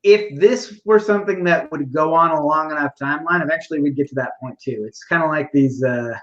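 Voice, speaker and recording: A Canadian man co-hosting a podcast, thinking aloud in halting sentences full of fillers. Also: fairly high pitch, fairly bright tone. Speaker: podcast co-host. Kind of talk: casual chat. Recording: dull, lo-fi sound.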